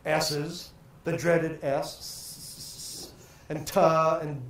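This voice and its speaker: A man's voice: on the high side, flat delivery, extremely slow, fairly bright tone. An older man teaching a speaking workshop, theatrically projecting and stretching out vowel and syllable drills. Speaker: voice and speaking coach. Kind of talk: workshop lesson with vocal exercises. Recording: very echoey room, faint ambient noise.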